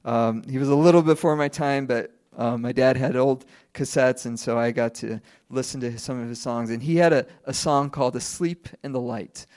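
A man's voice: mid-range voice, fairly even intonation, moderate pace, few pauses, a little mellow. A man in his thirties preaching a sermon in a conversational way, asking the listeners questions and laughing lightly now and then. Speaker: pastor.

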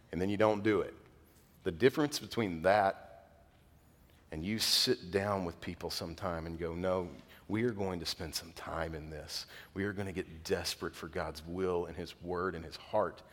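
A middle-aged man preaches a sermon in a chatty, storytelling way, his voice sitting fairly low. The sound rings out with the long reverb of a large hall. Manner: conversational, animated storytelling with laughs. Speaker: pastor.

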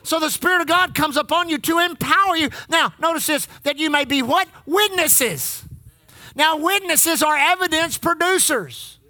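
Very high, bright-voiced preaching man. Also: expressive, measured pace, no room sound. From Texas. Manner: preaching with call-and-response amens, repeats lines for emphasis. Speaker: pastor. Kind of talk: sermon.

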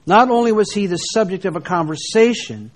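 Reading scripture verses aloud, this preacher delivers his sermon in a slow, deliberate way, leaning on dramatic pauses. His voice sits high.

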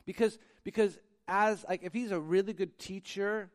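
Male pastor, sermon, fairly high-pitched, chatty and animated, acts out dialogue, sometimes goes hushed. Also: moderate pace. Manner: conversational, animated, acts out quoted exchanges; drops to a soft, quiet voice at times.

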